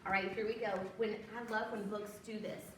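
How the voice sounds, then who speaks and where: A woman reading a storybook aloud to children at the library, animated and encouraging them to join in. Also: mid-range voice, fairly quick. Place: library room. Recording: echoey room from far off, noisy.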